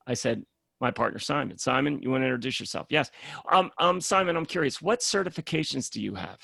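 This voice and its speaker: A man, a program founder, speaking in a casual podcast conversation as an animated storyteller who acts out the voices he quotes. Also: mid-range voice, fairly quick, gravelly, no room sound, studio quality.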